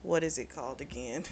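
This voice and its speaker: A woman's voice: sits low, slight background noise. Chatty woman recapping a book casually. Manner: chatty, conversational retelling with frequent fillers; quotes characters in her own voice, adds blunt personal reactions. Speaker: book reviewer.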